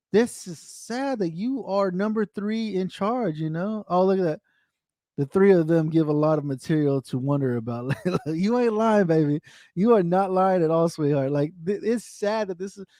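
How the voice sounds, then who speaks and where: A man's voice: a little high, dark tone, no echo, clean studio sound. An American man hosting a casual livestream, ranting with profanity and answering viewer comments in a frustrated tone. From United States. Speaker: livestream host.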